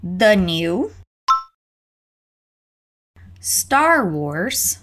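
Slow, lively woman teaching English phrases. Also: lowish voice. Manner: lively, exaggerated intonation for learners to repeat. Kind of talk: slow, clear repetition drills.

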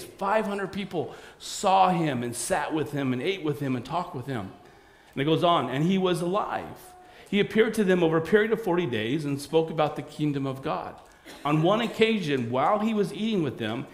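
A man preaching a sermon, reading scripture aloud and acting out the voices in the story with lively storytelling. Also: on the high side, normal speed. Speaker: pastor. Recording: roomy echo.

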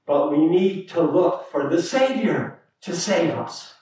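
A male pastor preaching a sermon in a church sanctuary, deliberate and emphatic, repeating key phrases. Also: fairly high pitch, expressive, a little mellow. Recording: echoey room, mic at a distance.

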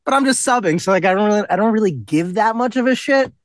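High-pitched man, blunt, profane, acts out kids' lines, casual podcast chat. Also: lively intonation, fast, no room sound. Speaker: podcast co-host, substitute teacher.

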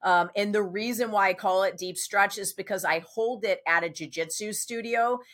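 A woman's voice: mid-range voice, moderate pace. Woman, personal trainer, podcast guest, enthusiastic, casual talk. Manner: enthusiastic, animated storytelling.

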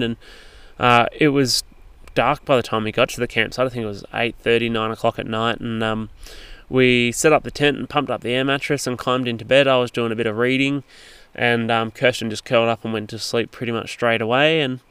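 Smooth-voiced man telling a travel story. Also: medium pitch, little pitch movement, brisk, fairly bright tone, dry recording. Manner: rambling, with frequent fillers and restarts. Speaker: travel vlogger. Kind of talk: casual storytelling narration.

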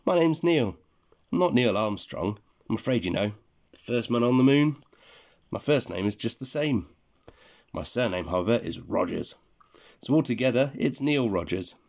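A man voicing a short, clumsy, gentlemanly male spaceman, polite and fussy. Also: medium pitch, expressive, normal speed, gravelly, pauses often. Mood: friendly. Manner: polite, fussy, self-pitying.

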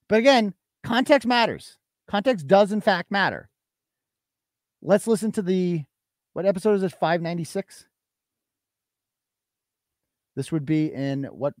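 Indignant high-voiced male podcaster. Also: lively intonation, normal speed, no echo, clean studio sound. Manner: indignant, emphatic, incredulous. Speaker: podcast host. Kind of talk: live show commentary.

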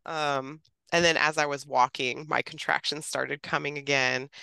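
Casual woman guest, lower-pitched than most, smooth and clear, animated when quoting people. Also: no echo. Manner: chatty, quotes others animatedly, laughs often. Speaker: podcast guest. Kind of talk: casual storytelling.

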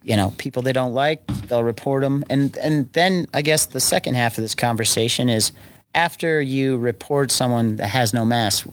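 Measured man in casual political chat. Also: medium pitch, no echo. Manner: measured, hesitant, trailing restarts. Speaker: podcast co-host.

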